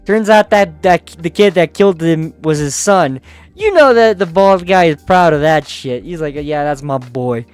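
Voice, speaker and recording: A man's voice: sits high, expressive, moderate pace, clear, resonant tone, no room sound, faint music behind. A man giving a casual, profane comic recap of a comic, full of fillers and laughter. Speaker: manhwa recap host.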